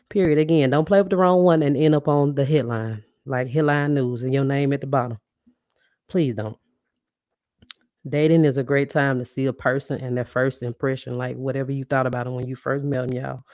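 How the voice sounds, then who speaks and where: A woman's voice: a bass voice, mellow, no room sound, clean studio sound. A woman hosting a live podcast, talking casually and animatedly to her listeners, often laughing and calling them y'all. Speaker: podcast host. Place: live stream reading comments.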